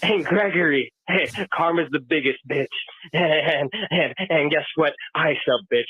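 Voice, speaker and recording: A man's voice: a little high, unhurried. A man co-hosting a sports podcast, ranting and swearing in exasperation about his team. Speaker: podcast co-host. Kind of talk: heated sports reaction rant. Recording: dry tinny phone-like audio.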